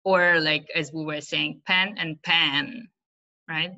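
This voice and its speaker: Bright-voiced Uzbek-accented woman teacher. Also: deep voice, little pitch movement, measured pace. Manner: explanatory, many fillers and "right?" checks. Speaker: teacher trainer. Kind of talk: webinar presentation. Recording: dull lo-fi webinar audio.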